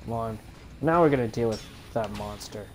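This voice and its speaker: A man's voice: lowish voice, normal speed, darkish tone, a little hiss or hum. A man doing casual let's play commentary, swearing and muttering at the game. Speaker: gamer.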